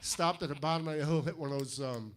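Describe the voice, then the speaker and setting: A man's voice: fairly high pitch, fast. Older New England man doing stand-up. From Fall River, Massachusetts. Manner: deadpan one-liners with punchy timing. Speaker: stand-up comedian. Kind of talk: stand-up routine. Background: audience laughter.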